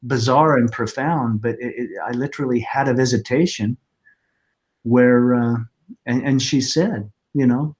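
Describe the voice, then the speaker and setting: Middle-aged male guest, earnest and reflective, halting delivery, mid-pitched voice. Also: darkish tone. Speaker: podcast guest, author. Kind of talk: personal storytelling in interview.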